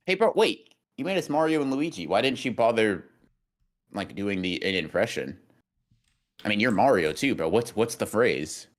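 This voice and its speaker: A young man co-hosting a casual podcast livestream, teasing his friend and reading super chats, with sudden high-pitched bursts. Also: sing-song, moderate pace. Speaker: podcast co-host.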